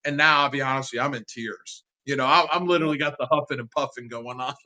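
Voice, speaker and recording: A man in his fifties, a guest on a sports interview, telling a heartfelt childhood story in an animated, casual way. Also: medium pitch, fast, low-quality recording.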